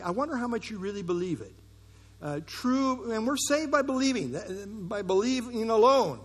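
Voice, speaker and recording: Husky-voiced man preaching a sermon. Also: very high voice, expressive, a bit bright. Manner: earnest, emphatic preaching with slow stressed phrases. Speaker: pastor. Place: church.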